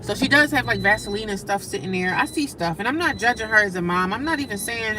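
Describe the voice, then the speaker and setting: A woman livestreaming casual talk from her daily life, animated and emphatic, repeating her points and breaking off to greet passersby. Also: medium pitch, fast talker, background noise. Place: homeless shelter area.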